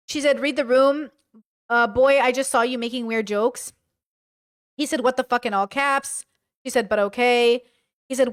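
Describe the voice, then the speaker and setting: Woman commentator, high-set voice, smooth and clear, sarcastic and incredulous as she reads texts aloud. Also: steady tone, moderate pace, pauses often. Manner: sarcastic, incredulous, swears freely. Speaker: commentary host.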